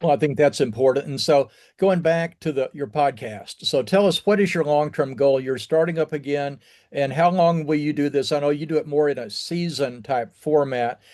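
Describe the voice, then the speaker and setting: A man with a somewhat high voice hosts an interview show. He asks friendly questions one after another and thanks his guest warmly at the close. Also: moderate pace. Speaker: podcast host. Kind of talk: interview hosting.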